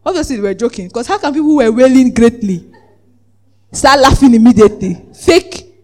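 A preacher giving a lively sermon, acting out the voices in the story, laughing often and asking the congregation whether they follow. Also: medium pitch, a little fast. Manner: asks the congregation "Are we together?".

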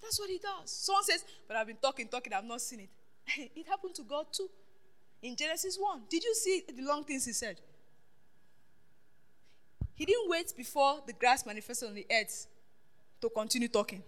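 A woman preaching a sermon, questioning her congregation and swinging between loud declarations and hushed asides. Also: high-pitched, lively intonation, moderate pace, long pauses. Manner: call-and-response questioning the congregation.

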